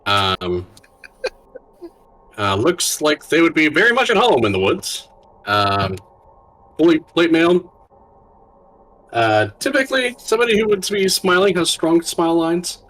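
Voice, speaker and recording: A man's voice: on the high side, very animated, a little slow, pauses often, a bit bright, slight background noise, low-quality recording. A man playing a tabletop game who describes his new character hesitantly, with lots of ums. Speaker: player. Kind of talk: casual chat.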